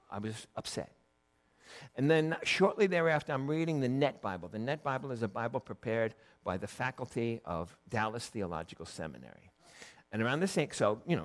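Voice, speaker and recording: A middle-aged man gives a sermon in a loose, chatty way. He tells stories and slips into the voices of the people he quotes. His voice sits at an everyday middle pitch. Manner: casual storytelling, acting out quoted voices. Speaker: pastor. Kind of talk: conversational sermon.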